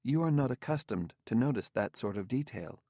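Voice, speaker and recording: A man's voice: medium pitch, dry recording, clean studio sound. A man voicing a polite humaniform male robot who speaks evenly and precisely in an audiobook. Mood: calm. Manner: even, precise and unhurried.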